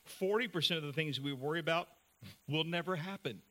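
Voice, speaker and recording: A man preaching a sermon as pastor, earnest, moving between brisk talk and slow, soft passages. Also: a little high.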